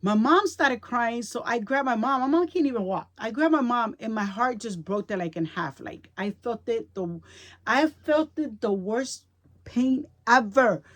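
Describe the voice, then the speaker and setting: A woman's voice: a little high, lively intonation, a little slow, a bit bright. Woman telling an emotional story, chatty. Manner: emotional, chatty, repeats herself, checks in with "right?". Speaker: vlogger. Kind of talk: casual storytelling to camera.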